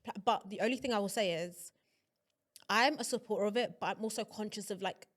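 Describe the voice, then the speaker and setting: A woman's voice: medium pitch, fairly quick. A young woman co-hosting a podcast, teasing and emphatic in casual chat with a friend. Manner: teasing, emphatic, laughs often. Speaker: podcast co-host.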